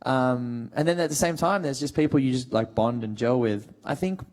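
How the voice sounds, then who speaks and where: A man's voice: medium pitch, moderate pace, darkish tone. Aussie guy in his 30s on a fan panel, chatty and jokey, rambles a bit. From Australia. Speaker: actor guest on a fan panel. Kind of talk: casual panel chat.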